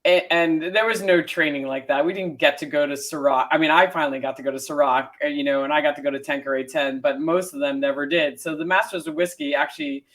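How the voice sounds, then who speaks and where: A man's voice: fairly high pitch, fast, hardly any pauses, a bit bright. A man co-hosting a casual conversation, chiming in and finishing the other speaker's thoughts. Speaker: co-host, former spirits company manager.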